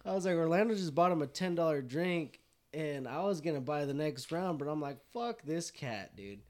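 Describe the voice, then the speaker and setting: A man's voice: fairly high pitch, moderate pace. Man telling a rowdy night-out story. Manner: swearing, animated, laughs while telling. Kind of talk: casual storytelling among friends.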